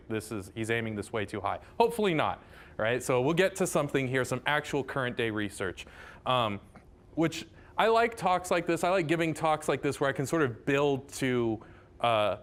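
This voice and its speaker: A man's voice: medium pitch, a bit bright. A man from Southern California, a math professor giving a chatty, enthusiastic public lecture, often tossing "right?" asides to the audience.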